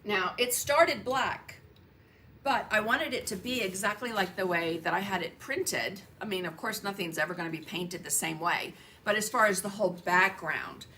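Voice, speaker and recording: A woman's voice: mid-range voice, moderate pace, pushed and bright, a little hiss or hum. A woman painting teacher chatting casually on her livestream, greeting viewers by name and laughing often. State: coughing, frog in her throat. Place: home painting studio.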